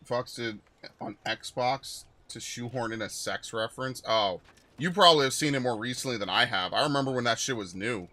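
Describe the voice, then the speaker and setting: A man talking through a video game stream in a loose, rambling way, with a bright, forceful voice. He drifts between the game and side topics and swears often. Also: mid-range voice, normal speed. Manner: rambling, profane, chatty asides. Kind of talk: casual gameplay commentary.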